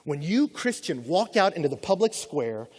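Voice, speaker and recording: Animated preacher in a reverberant hall. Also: male voice, a little high, normal speed, husky. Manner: animated, acts out quoted voices. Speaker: pastor. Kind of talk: sermon.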